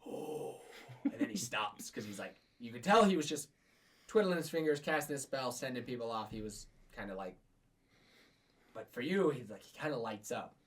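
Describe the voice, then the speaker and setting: A man's voice: medium pitch, expressive, brisk, a bit bright, distant mic. A man narrating a tabletop game as game master, rambling with many fillers. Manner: rambling, filler-heavy, frequent laughs.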